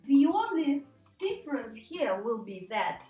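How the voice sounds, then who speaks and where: A woman teaching an English pronunciation lesson, patiently repeating words slowly for learners to copy. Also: high-pitched, sing-song, warm tone, reverberant, faint music behind, rough recording.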